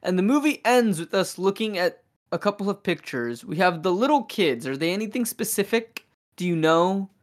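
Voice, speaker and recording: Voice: mid-range voice, lively intonation, normal speed. A podcast host in casual chat, animatedly retelling a film's plot and briefly voicing the characters' lines. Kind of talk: casual chat recapping a film.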